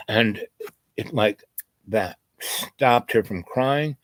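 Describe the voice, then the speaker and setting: A man's voice: on the low side, extremely slow, no room sound. A man telling a meandering personal story in a casual vlog, full of "you know" asides. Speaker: spiritual vlogger.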